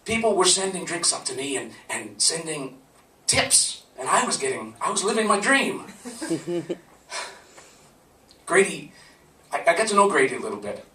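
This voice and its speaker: A man's voice: on the high side, very animated, moderate pace, long pauses, sharp tone, slight background noise. A man telling a personal story to a live audience in a conversational, laughing manner. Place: live event venue. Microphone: camcorder from a distance. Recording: roomy, from far off.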